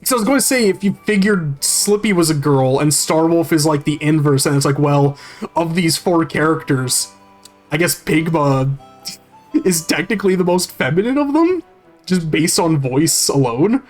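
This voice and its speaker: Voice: medium pitch, animated, normal speed, soft background music. A game streamer chatting casually while playing, rambling and swearing freely as they read and answer chat.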